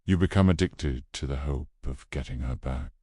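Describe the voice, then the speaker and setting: A man giving scripted narration in a dramatic, measured storytelling manner with ominous pauses. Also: extremely low pitch, warm tone, husky, dry recording, studio quality.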